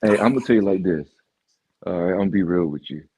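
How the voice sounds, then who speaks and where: A man hosting a casual livestream chat. He is animated, repeats himself and dodges questions. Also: low voice, fast, breathy edge, no room sound. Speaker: livestream host.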